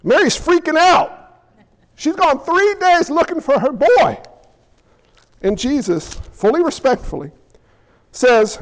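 A man preaching a sermon as pastor in an animated, conversational way with jokey asides. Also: very high voice, slow, pauses often, big-room sound.

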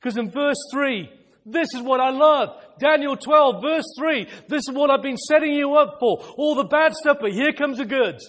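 Fervent high-voiced male preacher in a hall. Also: normal speed. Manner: fervent, repeats phrases, shouts when excited. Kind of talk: sermon.

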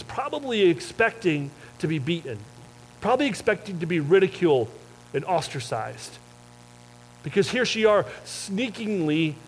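A man preaching a sermon in a conversational storytelling way, often dropping soft and low for emphasis. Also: a little hiss or hum, low-quality recording. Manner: self-described wordy talker. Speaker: pastor.

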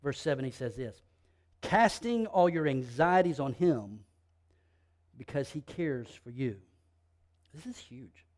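A man preaching a sermon, driving points home through repetition and swinging between loud bursts and hushed asides. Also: medium pitch, animated, slow, long pauses. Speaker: pastor.

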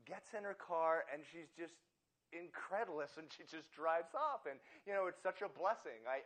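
A man's voice: a little high, a bit bright. A man preaching a sermon, telling a rambling, self-deprecating story full of restarts and asides. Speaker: pastor.

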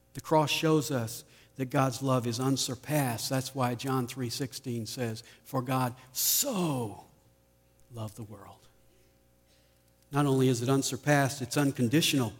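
Slow-preaching pastor in a reverberant hall. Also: male voice, mid-range voice. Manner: slow, deliberate preaching with dramatic drops in volume. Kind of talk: sermon. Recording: long reverb of a large hall.

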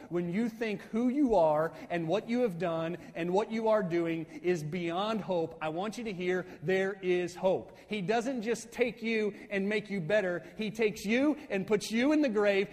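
A man preaching a sermon as pastor, building to excited, emphatic bursts and tagging points with "right?". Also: sits high, big-room sound. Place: church sanctuary.

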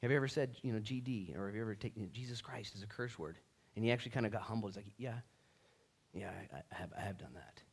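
A man preaching a sermon in a casual, conversational way, acting out quoted lines with big swings in loudness. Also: quick pace, breathy edge. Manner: animated, acts out quotes with big pitch and volume swings. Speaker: pastor.

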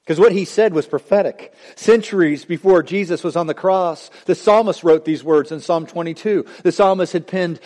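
High-voiced male pastor in a reverberant hall. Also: moderate pace, a little mellow. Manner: dramatic preaching, voice rising and dropping sharply. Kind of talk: sermon.

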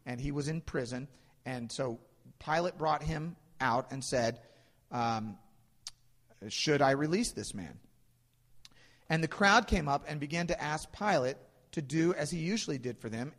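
A man's voice: a little high, fairly bright tone, long reverb tail. A man preaching a conversational sermon, explaining scripture with many fillers and restarts.

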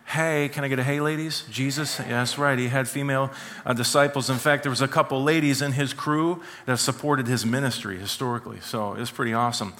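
A man preaching a sermon as pastor, conversational and animated, with frequent asides to the congregation. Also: mid-range voice, a little fast.

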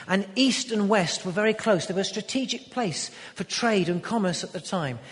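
A man preaching a sermon in an emphatic manner, building to loud declarations. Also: sits high, moderate pace. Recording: long hall reverb.

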